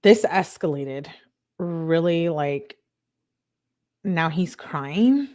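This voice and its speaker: A woman's voice: lowish voice, measured pace, darkish tone. A woman hosting true crime commentary, reading text messages aloud and reacting with exasperated asides. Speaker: host.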